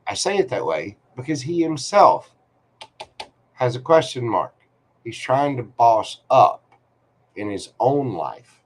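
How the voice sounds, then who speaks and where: A man's voice: mid-range voice, big pitch swings. A man giving a live-streamed tarot reading, talking to the viewer in a chatty, reassuring way. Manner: slow, chatty, reassuring, talks to viewer directly. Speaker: tarot reader.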